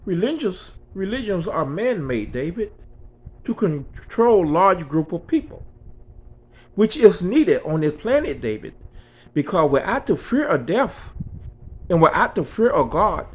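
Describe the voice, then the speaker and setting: An older man quietly putting on a gentle, all-knowing female angel. She speaks softly and patiently, a little higher and hushed, with a lively lilt to the voice. Her pace is unhurried. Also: husky, exaggerated voice. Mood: calm. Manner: soft-spoken, patient, often says his name.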